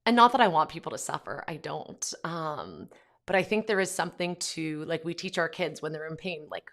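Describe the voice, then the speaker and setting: A woman with a notably low voice talks earnestly on her own podcast, loose and conversational. She fills her pauses with ums and likes, and her sentences wander and restart. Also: big pitch swings, gravelly, fairly bright tone. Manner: earnest, conversational, many fillers. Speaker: podcast host. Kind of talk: casual monologue.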